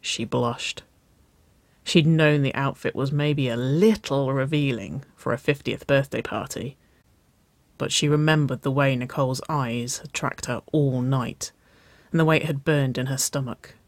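A narrator reading a story aloud in a slow, measured way. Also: medium pitch, no room sound.

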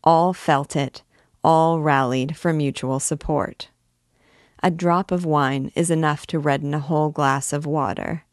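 A woman reading a classic novel aloud in a clear, measured storytelling voice. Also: low voice, a little mellow, dry recording, studio quality. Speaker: literature teacher reading aloud.

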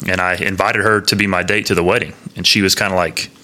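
A man, a coach, telling a story in a relaxed, casual interview. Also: sits low, quick pace. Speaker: football coach and guest.

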